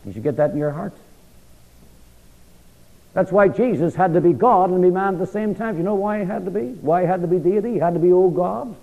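Man preaching an emphatic sermon. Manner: emphatic, with rhetorical questions and sweeping pitch shifts. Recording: dull lo-fi sound with long hall reverb.

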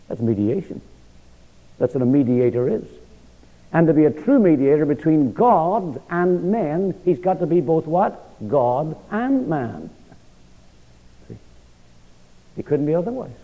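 A man preaching a sermon with emphatic delivery, rhetorical questions and sweeping swings in pitch, recorded in a church hall. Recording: dull lo-fi sound with long hall reverb.

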